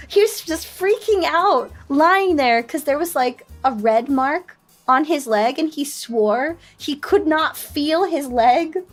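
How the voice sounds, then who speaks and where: A woman's voice: high-pitched, expressive, slow, soft background music. A woman streamer casually telling a story to her chat, laughing often and acting out the voices of panicked people. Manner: shrieks when quoting panicked people.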